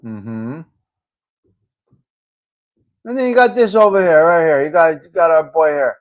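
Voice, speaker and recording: A man's voice: a little high, lively intonation, measured pace, muffled recording. A man with a New York accent hosting a live talk show, rambling and repeating himself with some swearing. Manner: rambling and repetitive, profane. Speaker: host.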